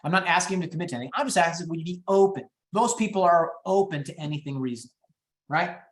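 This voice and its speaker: A middle-aged man leading a real estate training session, talking in an upbeat, high-energy way and moving quickly through his points. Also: a bit bright, reverberant. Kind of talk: training webinar talk.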